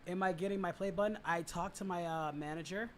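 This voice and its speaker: A man hosting a livestream in a casual, rambling way, his voice still a little hoarse while it recovers. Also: high voice, steady tone, brisk, slight background noise, poor audio. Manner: rambling, filler-heavy, with frequent restarts. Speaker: livestream host.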